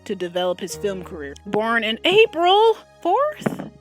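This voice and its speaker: A young woman chatting through a casual reaction video, animated and full of exclamations, her voice pitched a little high. Faint music plays behind her. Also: a little slow, hardly any pauses. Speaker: vlogger.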